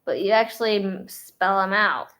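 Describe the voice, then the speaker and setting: A woman's voice: medium pitch, animated, normal speed, fairly bright tone. A woman, a daughter, chatting casually with her mother in a playful, whiny, joking way. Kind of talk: casual chat.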